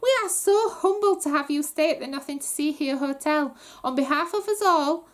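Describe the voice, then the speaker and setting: A woman's voice: high-pitched, moderate pace, pitched above the performer's own voice, natural voice. A woman voicing a flustered mother who runs a hotel, gushing and overly polite. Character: flustered, eager hotel-manager mum.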